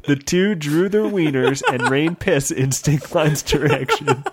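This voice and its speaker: A man's voice: a little high, measured pace, noisy background. A man reading a comedic story aloud as the host, often breaking into laughter. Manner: reads with frequent laughter.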